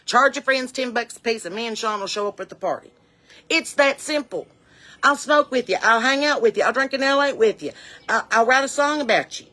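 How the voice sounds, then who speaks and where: A woman's voice: fairly high pitch, brisk, sharp tone. A woman giving a chatty, folksy, rambling comic monologue to camera, outdoors on her porch. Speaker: comedian and musician.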